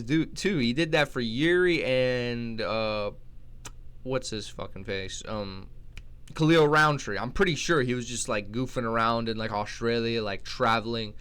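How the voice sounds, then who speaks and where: A young man hosts his channel with loose, rambling commentary. He swears freely and often restarts his sentences. His voice sits at a middling pitch. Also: normal speed, a bit bright, smooth. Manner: rambling, profane, many restarts. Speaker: channel host. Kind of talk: casual commentary.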